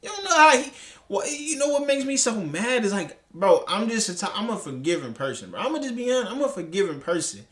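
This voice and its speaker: A man's voice: high-pitched, very animated, brisk, a bit bright. A man reacting to a clip, talking in a heated, profane, rambling way with many restarts. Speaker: commentary host. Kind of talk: reaction commentary.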